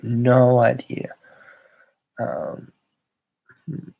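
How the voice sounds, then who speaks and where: A man's voice: medium pitch, level tone, drawn-out words, vocal fry, mellow. A young Australian man chatting casually on a live stream, rambling and hesitant with many fillers.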